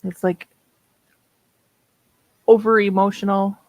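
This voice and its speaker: A woman's voice: medium pitch, flat delivery, takes it slowly, dry recording, rough recording. A woman in her fifties with a Minnesota accent, chatting casually and laughing often while hosting writing sprints. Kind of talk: casual livestream chat.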